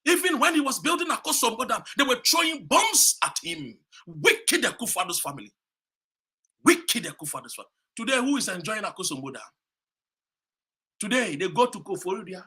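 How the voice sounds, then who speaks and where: A man from Ghana giving an impassioned political speech, preaching fiercely and hammering points through repetition, with shouted peaks. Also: high voice, sing-song, fairly quick, breathy edge. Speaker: political commentator.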